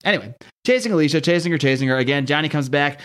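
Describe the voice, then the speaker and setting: A man's voice: a little high, lively intonation, very fast, a bit bright. A man hosting a podcast, recapping a comic in a rambling, casual way with swearing and laughing asides. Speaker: podcast host.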